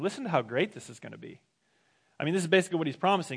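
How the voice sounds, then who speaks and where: A man's voice: fairly high pitch, expressive, very fast, gravelly, breathy edge. A male pastor preaching a sermon, reading scripture aloud and then retelling it in casual everyday words.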